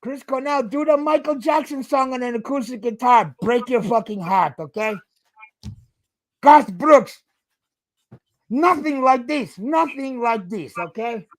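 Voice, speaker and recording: A man's voice: very high-pitched, lively intonation, a little slow. A man in his fifties, a podcast host, ranting in a casual chat, swearing and tagging his points with "okay?".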